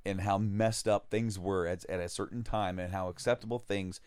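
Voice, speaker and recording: A man's voice: sits low, fairly even intonation, moderate pace, darkish tone, smooth, no echo. A man co-hosting a podcast, recapping a comic in rambling casual chat. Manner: rambling, laughs often, full of fillers. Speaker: podcast co-host.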